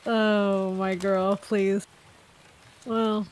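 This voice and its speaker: A woman's voice: mid-range voice, flat delivery, extremely slow, slight background noise. A woman chatting as a player in an online tabletop game, trailing off and correcting herself over a desktop mic. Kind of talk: casual chat at a tabletop game.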